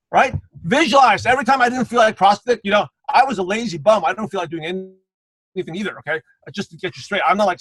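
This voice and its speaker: A man's voice: high-pitched, fairly bright tone, no room sound, low-quality recording. A man giving a motivational sales training on a live video call, calling out viewers by name and repeating punchy slogans. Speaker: guest trainer.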